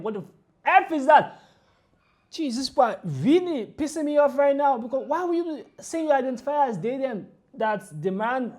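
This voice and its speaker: A woman ranting through a reaction video, emphatic and indignant, repeating her points forcefully. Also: medium pitch.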